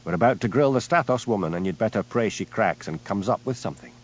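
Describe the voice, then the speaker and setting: A man's voice: lowish voice, lively intonation, quick pace. A man voicing a patient, firm police detective. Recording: dull lo-fi audiobook recording.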